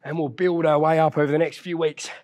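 A man's voice: a little high, little pitch movement, fast, darkish tone. A young man leading a follow-along workout, encouraging and counting down reps while he exercises and gets out of breath. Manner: upbeat encouraging, counts reps down, casual banter. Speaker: fitness trainer.

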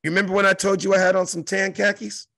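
As an interview guest, a middle-aged comedian from South Central Los Angeles delivers an emphatic, profane story, mimicking crowd sounds. He talks fast in a high, creaky, slightly bright voice with a level tone, and the recording is dry.

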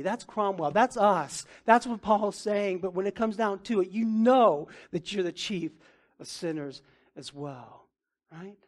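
Emphatic male pastor preaching. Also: unhurried. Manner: emphatic, rising to near-shouting then dropping low; casual asides with "man" and "right". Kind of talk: sermon.

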